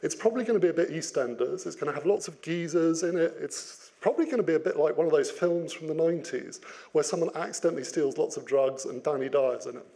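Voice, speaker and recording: A man giving an interactive business talk, lively and playful, putting questions to his audience. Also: a little high, quick pace, creaky, hardly any pauses, slight background noise. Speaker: business speaker.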